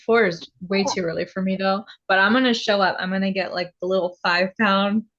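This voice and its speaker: Woman, podcast co-host, soft quiet mousy voice, mid pitch, playful and giggly, slightly dull recording. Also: fairly even intonation, a little fast. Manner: playful teasing, laughing easily. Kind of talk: casual podcast chat.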